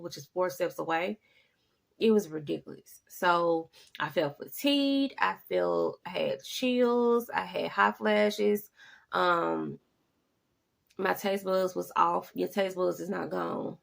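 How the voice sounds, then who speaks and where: A woman, casually telling a personal story, leaping up high for quoted lines and dropping to a hush when scared. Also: unhurried. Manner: animated, jumps to high exclaiming quoted lines; drops to hushed, breathy tones when talking about fear. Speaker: vlogger.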